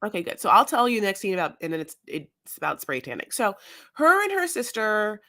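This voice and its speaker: A woman's voice: medium pitch, big pitch swings, fairly quick, sharp tone. A woman co-hosting a podcast, retelling scenes in a chatty, filler-heavy way and slipping into playful quoted voices. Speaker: podcast co-host. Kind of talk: casual recap chat.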